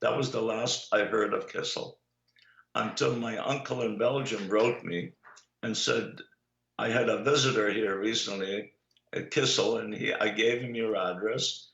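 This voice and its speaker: An older man with a low, gravelly voice tells long anecdotes at an unhurried pace, stopping often on "uh". The recording sounds echoey and dull, like a lo-fi room capture. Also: fairly even intonation, fairly bright tone. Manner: unhurried anecdotal storyteller, many "uh" pauses. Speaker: guest, Holocaust survivor. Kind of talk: storytelling in an interview.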